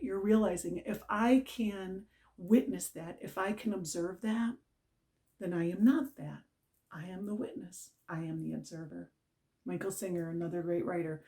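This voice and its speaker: A middle-aged woman with a lowish, dark-toned voice gives an earnest, casual spiritual talk as a mantra teacher. She's repetitive and keeps checking in with "right?"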